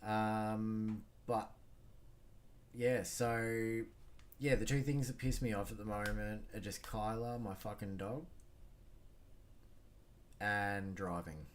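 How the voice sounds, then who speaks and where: A man's voice: on the low side, steady tone, slow, long pauses, a little hiss or hum. An Australian man hosting a solo podcast, talking bluntly and rambling with lots of swearing and fillers. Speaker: podcast host. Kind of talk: casual solo podcast monologue.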